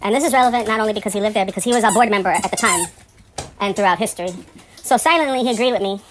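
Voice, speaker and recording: A woman telling a story about her building in a casual monologue, rambling and profane, turning indignant and loud when exasperated. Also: mid-range voice, very fast, slight background noise.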